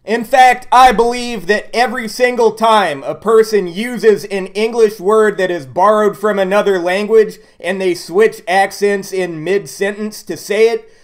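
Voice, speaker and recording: A man with a notably high speaking voice delivers blunt, sarcastic commentary in a ranting video. He talks bluntly and mocks as he goes. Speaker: YouTube commentator.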